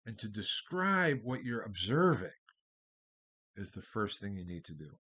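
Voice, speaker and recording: Very animated and on the low side, a man's husky voice moves at a measured pace through a recorded university history lecture. He digresses freely, and his loudness rises and falls sharply.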